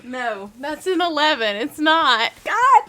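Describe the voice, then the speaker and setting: Brash, lively woman player. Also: high-pitched, slow, a little hiss or hum. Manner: brash, swearing, laughing. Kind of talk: casual chat at a game table.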